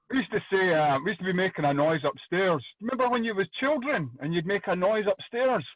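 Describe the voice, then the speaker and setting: A Scottish man doing loud, energetic stand-up comedy over a video call, swearing freely. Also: sits high, moderate pace, no room sound. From Scotland. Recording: dry tinny phone-like call audio.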